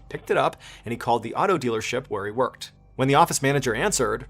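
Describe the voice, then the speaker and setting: A man narrating a true crime story in a brisk, dramatic storytelling manner. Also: medium pitch, husky.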